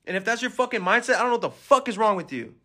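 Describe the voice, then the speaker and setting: Guy with a high tense voice yelling hustle advice, swears nonstop, pushy. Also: lively intonation, rapid-fire. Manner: aggressive, swearing, hectoring. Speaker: podcast host. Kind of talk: profane motivational rant.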